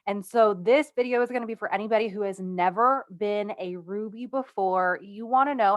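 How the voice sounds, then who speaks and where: A woman's voice: mid-range voice, moderate pace, hardly any pauses, muffled recording. A woman speaking as a direct-sales team leader, explaining rank requirements in a casual instructional video, upbeat and conversational, leaning on key words.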